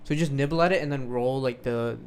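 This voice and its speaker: A man's voice: medium pitch, fairly quick, darkish tone, a little hiss or hum. A man co-hosting a casual podcast chat, explaining things in a rambling way and often repeating words. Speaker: podcast co-host.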